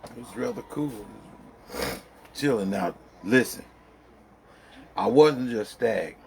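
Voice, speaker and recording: A man's voice: mid-range voice, lively intonation, slow, gravelly, slight background noise. Middle-aged man, casual storyteller, rambling and colloquial, chuckles a lot. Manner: rambling, colloquial, laughs through the story, lots of fillers. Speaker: vlogger.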